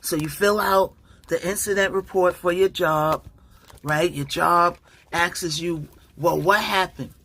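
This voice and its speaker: A woman's voice: lowish voice, flat delivery, slow, a bit bright. A woman commenting casually on a livestream, rambling and distracted, with many fillers and restarts.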